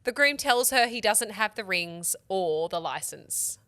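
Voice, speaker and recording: Woman podcast co-host from Australia, dry storyteller, expressive pitch. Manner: quick, dry, laughs while reading. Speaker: podcast co-host, wedding celebrant. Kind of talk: casual podcast chat, reading stories aloud.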